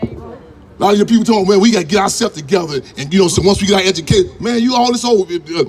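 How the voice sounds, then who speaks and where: A man's voice: high voice, fast talker, breathy edge. A man giving a fiery, profane political talk to a crowd, telling rambling stories that draw call-and-response. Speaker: activist speaker.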